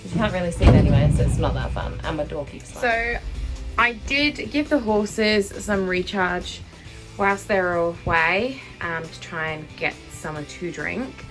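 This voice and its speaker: A young Australian woman chats casually to her phone camera, rambling along with lots of ums and likes. Her voice sits a little low for a woman, and music plays clearly underneath her talk. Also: animated, normal speed. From Western Australia. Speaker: horse-owning vlogger. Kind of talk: casual vlog chat to camera. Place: inside a horse float during rain. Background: background music.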